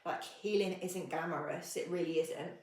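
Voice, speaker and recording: A woman's voice: fairly low pitch, moderate pace, a little mellow, reverberant, poor audio. A woman co-hosting a podcast, talking openly and earnestly with frequent hesitant ums. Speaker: podcast co-host. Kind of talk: candid conversational podcast chat.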